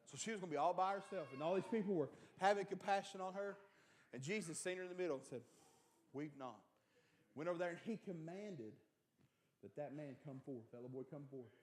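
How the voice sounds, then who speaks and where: High-voiced preacher, shouting then hushed. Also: male voice, fast. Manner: swings between shouted preaching and quiet, soft-spoken storytelling; repeats and restarts words in bursts. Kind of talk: sermon. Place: church sanctuary.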